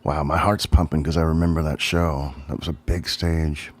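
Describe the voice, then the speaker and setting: On a relaxed solo livestream, a middle-aged man who plays drums reminisces about his former band, wandering through his thoughts and saying um a lot. He speaks at a normal speed in a rumbling low voice with a level tone.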